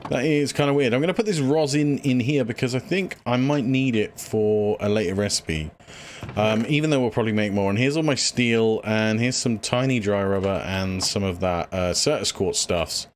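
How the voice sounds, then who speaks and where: A man's voice: lowish voice, moderate pace, slight background noise. Rambling, breathless man streaming a game. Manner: rambling, lots of fillers, thinks aloud. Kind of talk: casual gameplay livestream chat.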